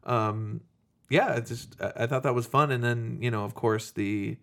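A man's voice: mid-range voice, normal speed, gravelly, a bit bright. A man with a stuffy nose in casual podcast chat about a movie, enthusiastic and rambling. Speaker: podcast co-host.

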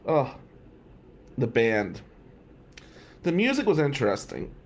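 A man casually telling a personal story in a sardonic, rambling way, full of wry asides. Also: medium pitch.

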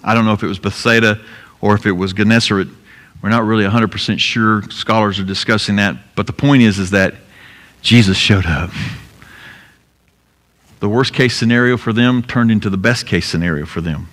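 A man's voice: lowish voice, fairly quick, fairly bright tone. A male pastor preaching a sermon in an earnest, emphatic way, repeating key phrases for effect. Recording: long hall reverb.

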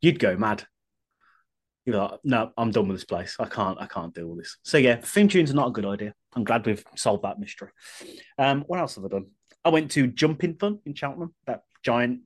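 A man, co-hosting a podcast in casual, chatty talk with laughter and swearing. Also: medium pitch. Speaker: podcast co-host. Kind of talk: casual chat.

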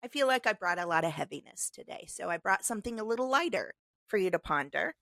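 Bright, lively, giggly woman. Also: medium pitch, fast talker, gravelly, no echo, studio quality. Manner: giggly, playful, reads lists aloud with gusto. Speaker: podcast co-host. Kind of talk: casual chat.

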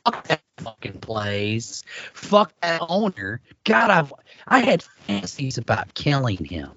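A man's voice: medium pitch, wildly swooping pitch, measured pace, sharp tone, slight background noise. A man on a podcast, casually chatting and ranting with heavy swearing. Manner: profane, heated ranting. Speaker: podcast co-host. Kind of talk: casual chat. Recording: dry, dull lo-fi podcast audio.

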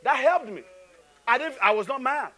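A man's voice: very high-pitched, animated, normal speed, pushed and bright. A man preaching a sermon as a pastor, conversational and humorous, pressing the congregation with rhetorical questions.

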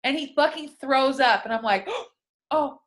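A young woman with a bright, forceful voice, slightly higher than most, co-hosting a casual podcast. She swears a lot and tells stories with energy, acting out what each person said. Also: unhurried. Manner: profane, animated storytelling. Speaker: podcast co-host. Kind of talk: casual chat.

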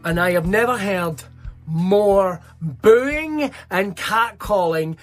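Sweary Scottish stand-up comedian. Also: male voice, high-pitched, takes it slowly, faint music behind. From Scotland. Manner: sweary, animated storytelling. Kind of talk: stand-up routine.

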